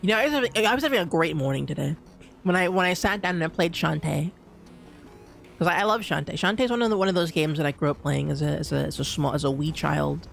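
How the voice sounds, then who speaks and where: A man's voice: a little high, fast talker, vocal fry, a bit bright, faint music behind. A young man streaming a game live, rambling with goofy mock threats and repeated phrases. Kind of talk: live gameplay commentary.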